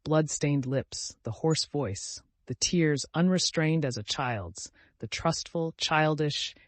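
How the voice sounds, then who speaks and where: A man narrating a classic novel in a measured, dramatic reading. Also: on the high side, no room sound. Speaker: audiobook narrator. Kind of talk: scripted narration.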